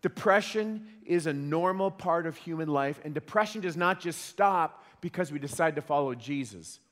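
A man's voice: on the high side, lively intonation, normal speed, a bit bright. A man preaching a sermon in an earnest way, often repeating words as he starts a phrase. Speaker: pastor. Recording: long hall reverb.

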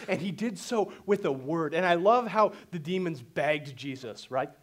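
A man preaching a sermon and telling the story in an animated way. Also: high-pitched, measured pace, hardly any pauses. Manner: animated storytelling, voices quotes dramatically. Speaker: pastor.

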